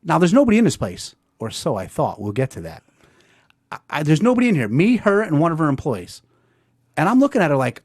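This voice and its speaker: A man hosting a podcast, telling a story in a casual, animated way and acting out the dialogue. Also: a little high, brisk, slightly rough. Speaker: podcast host.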